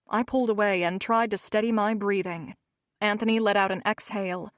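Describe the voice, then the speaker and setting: A woman narrating a romance novel in first person, measured and steady. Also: mid-range voice, no echo, studio quality. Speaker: audiobook narrator.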